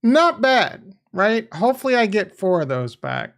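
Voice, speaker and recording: A man livestreaming a crypto game and chatting to viewers, excitable and rambling, laughing often and swearing casually. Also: high-pitched, measured pace. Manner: rambling, thinks aloud. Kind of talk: live stream commentary.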